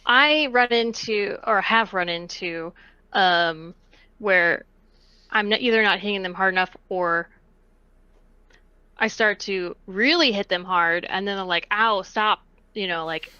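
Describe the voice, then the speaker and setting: A woman chats casually on a podcast, her voice crisp and smooth. She hesitates a lot with fillers. The sound is dry and close, with no room. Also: medium pitch, unhurried, pushed and bright, no echo, dull audio. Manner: chatty, hesitant with many fillers. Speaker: podcast guest. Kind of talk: casual chat, storytelling.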